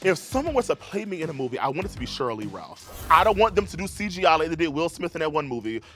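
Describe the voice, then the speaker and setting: A man's voice: a little high, sing-song, fast talker, over music. A man from South Carolina, a drag queen contestant, talking in a sassy, campy confessional interview with a big announcer voice and bits of sing-song.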